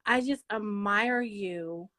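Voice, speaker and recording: A woman hosting her own channel, speaking slowly in a halting, emotional monologue full of fillers and restarts. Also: medium pitch, fairly bright tone. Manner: halting, repetitive, many fillers. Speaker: channel host.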